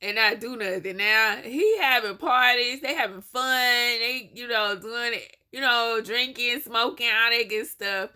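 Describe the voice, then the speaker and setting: A woman friend teasing and joking in quick slangy banter. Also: on the high side, sharp tone, smooth. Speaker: friend commenting on the prank. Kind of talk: casual chat.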